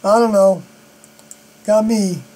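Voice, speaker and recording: Man, high voice, rambling solo live-stream talk, halting with fillers, mains hum under it. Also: mellow, poor audio. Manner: halting, many fillers and unfinished sentences.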